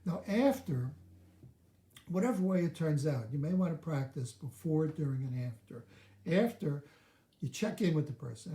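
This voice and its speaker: A man's voice: a little high, lively intonation, normal speed, dark tone, reverberant. A man coaching on a live video, walking through steps one by one and acting out sample lines of dialogue. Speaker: relationship coach.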